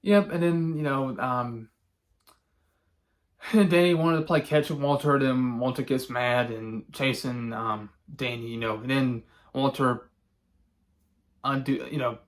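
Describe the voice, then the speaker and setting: A man giving a casual spoken movie review, rambling and halting with many fillers and restarts, chuckling now and then as he recounts scenes. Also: medium pitch. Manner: chuckles often while recounting.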